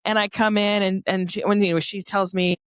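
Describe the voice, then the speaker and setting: A middle-aged woman from Northern California, a podcast guest telling a personal story in a lively, chatty way and acting out the dialogue. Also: medium pitch, brisk, clear, resonant tone, no room sound, studio quality.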